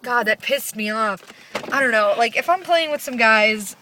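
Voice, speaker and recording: A woman's voice: a little high, normal speed, pushed and bright, a little hiss or hum, rough recording. A young woman vlogger ranting casually, profane, sarcastic and exasperated. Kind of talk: casual rant.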